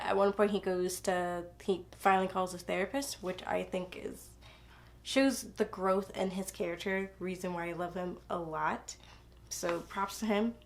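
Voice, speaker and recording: A young woman chatting casually about a book she loves, gushing and rambling with lots of fillers and restarts. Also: mid-range voice. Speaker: book reviewer. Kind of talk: casual book review chat.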